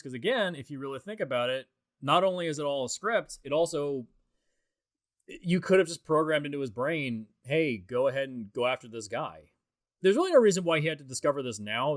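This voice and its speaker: A man's voice: on the high side, animated, fairly quick, no echo, studio quality. A man giving a casual, rambling commentary track on a film, talking in a loose, conversational way. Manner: rambling, conversational, with many fillers and restarts.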